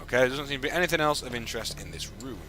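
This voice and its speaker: A man's voice: medium pitch, very fast, over music. A young man hosting a live game stream, chatting and joking with a co-host and viewers. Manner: chatty, jokey, lively delivery. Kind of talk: live gameplay chat.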